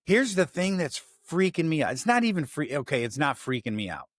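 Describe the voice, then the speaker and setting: A man's voice: a little high, sing-song, brisk, a bit bright, dry recording, clean studio sound. A man with a Chicago accent hosting a casual sports talk show, rambling, swearing and breaking off his own sentences. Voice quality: profane, rambling, self-interrupting. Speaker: sports podcast host.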